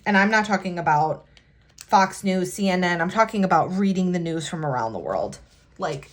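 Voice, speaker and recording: A woman vlogger talking in a halting, emotional way while working on her planner at a home desk. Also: on the low side, animated. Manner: halting, emotional, many restarts. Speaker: planner vlogger and immigration attorney. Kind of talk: casual talk while decorating a planner.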